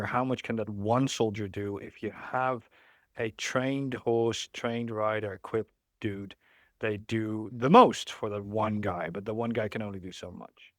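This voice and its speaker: A man's voice: on the low side, dry recording, clean studio sound. A man who is a guest on a podcast, explaining history in a thoughtful, rambling way with many restarts. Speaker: guest, historical riding expert. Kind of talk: conversational explanation.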